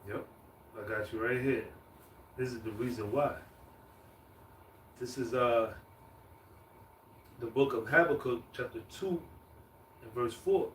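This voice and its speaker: New dude reading verses then riffing, lots of um and you know, echoey, off mic. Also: male voice, mid-range voice, takes it slowly, pauses often, a little hiss or hum. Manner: loose, filler-heavy, reads verses aloud. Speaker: scripture reader. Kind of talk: casual street preaching. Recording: echoey, distant mic, faint ambience.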